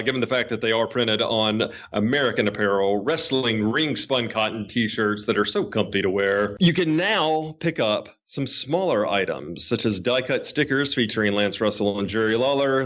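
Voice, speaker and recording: A man hosting a wrestling podcast in a casual, joking way, halting with fillers, also reading an ad. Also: medium pitch, fairly bright tone. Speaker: podcast host. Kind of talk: casual podcast chat and ad read.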